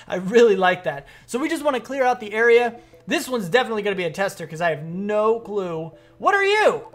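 A gaming streamer giving excitable let's-play commentary and rapidly repeating commands. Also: medium pitch.

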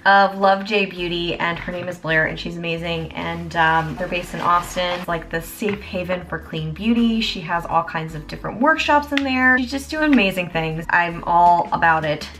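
A young woman chatting casually as a beauty vlogger, bubbly and quick to exclaim. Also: medium pitch, fairly bright tone. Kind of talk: casual chat.

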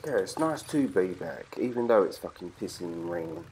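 A man's voice: sits low, animated, fairly quick, darkish tone, a little hiss or hum. A man from Britain hosting a let's play, swearing and trash-talking his enemies as he plays. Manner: profane, rowdy trash talk. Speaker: gaming channel host.

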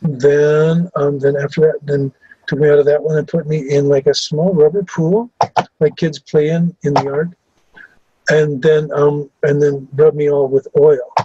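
A man giving testimony about his memories, speaking haltingly with many fillers and restarts. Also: fairly high pitch, little pitch movement, mellow, breathy edge, no room sound, muffled recording. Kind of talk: recounting personal memories in testimony.

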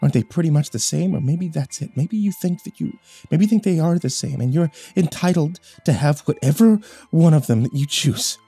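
A man's voice: on the high side, animated, a little fast, vocal fry, dark tone, husky, no room sound, faint music behind, pitched above the performer's own voice, full character voice. A man voicing a menacing soldier husband. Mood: quiet menace. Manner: cold, threatening, mocking.

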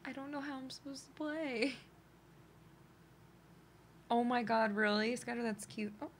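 A woman's voice: fairly high pitch, measured pace, a little hiss or hum. A young woman streaming a video game at home, chatting playfully with her pet and her viewers and joking with mock aggression. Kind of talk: casual gameplay commentary.

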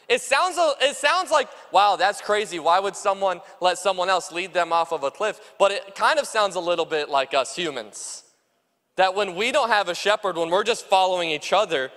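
In a church sanctuary with a big-room sound, a pastor with a high, fairly bright voice preaches to his congregation. He is earnest and repetitive, restating phrases for emphasis and filling gaps with many "uh"s.

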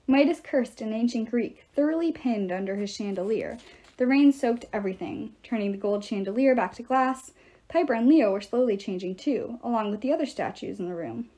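A woman reading a novel aloud with expressive, dramatic narration. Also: on the high side, fairly quick. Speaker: audiobook reader.

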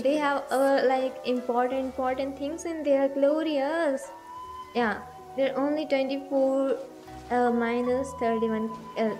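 A woman's voice: sits high, darkish tone. A young woman from India streaming a game, chatting in a bubbly, rambling way with her viewers. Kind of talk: casual livestream chat. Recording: music playing behind.

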